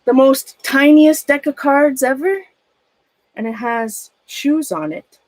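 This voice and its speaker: A middle-aged woman with a high-pitched, darkish voice speaks slowly on a dry recording with poor audio. Streaming live while sorting through old things in her closet, she rambles in a nervous, shaky manner and greets viewers by name.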